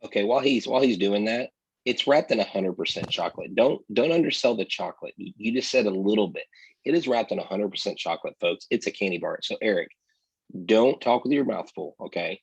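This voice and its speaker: A man's voice: on the low side, fairly quick, gravelly, slightly rough, no echo, lo-fi sound. A man co-hosting a casual sports podcast, talking energetically and straight to his listeners. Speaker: podcast co-host.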